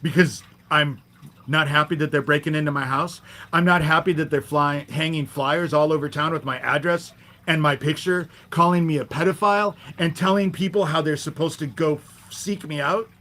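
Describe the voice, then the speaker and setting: A man's voice: on the high side, steady tone, normal speed, sharp tone. A man hosting a livestream, ranting in an irritated, profane, confrontational way, sarcastic toward commenters and often adding "you know?". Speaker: livestream host. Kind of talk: live-stream rant.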